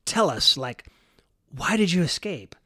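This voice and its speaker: A man's voice: a little high, sing-song, a little slow, sharp tone, dry recording, studio quality, exaggerated voice. Man quoting a pushy TV news reporter. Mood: probing. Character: slick male TV news reporter, pushy and dramatic.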